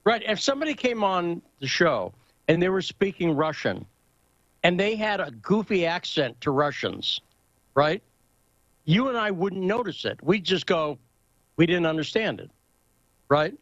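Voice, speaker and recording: A man's voice: high-pitched, very animated, a little slow, fairly bright tone, no room sound, muffled recording. A man hosting a casual talk show, telling stories in a rambling way and often asking whether his point makes sense. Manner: rambling, anecdotal, asks for agreement. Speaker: host.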